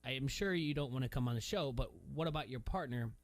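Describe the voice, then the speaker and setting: A man's voice: medium pitch, fast talker, dry recording. Chatty male radio host, dry studio. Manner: rambling storyteller, laughs often. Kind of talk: casual chat.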